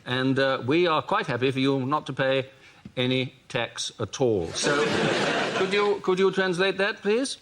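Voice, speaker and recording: A man's voice: a little high, slow pace. A man playing a bumbling, posh prime minister in an improvised comedy sketch, overly polite and flustered. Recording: loud audience laughter and noise.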